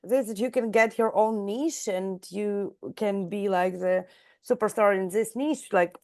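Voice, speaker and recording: Gravelly-voiced woman, hesitant interviewer. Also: mid-range voice, unhurried, darkish tone. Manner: searching for words, many fillers and "like".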